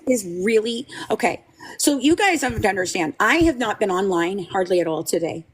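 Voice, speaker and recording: A woman's voice: medium pitch, expressive, normal speed, breathy edge. A woman hosting a live stream who speaks in an agitated, swearing way, her voice tight with anger. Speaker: livestream host. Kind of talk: live-stream talk to chat.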